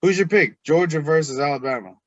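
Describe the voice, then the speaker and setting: A man hosting a casual sports podcast, talking in an animated, teasing way. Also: fairly high pitch, a little fast, no echo, lo-fi sound. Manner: animated, teasing, mimics others' voices. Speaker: podcast host.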